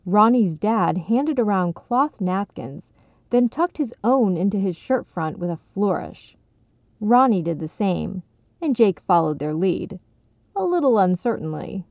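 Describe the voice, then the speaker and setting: Female storybook narrator, slow and gravelly, tinny dry sound. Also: on the low side, animated, dry recording. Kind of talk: storybook reading.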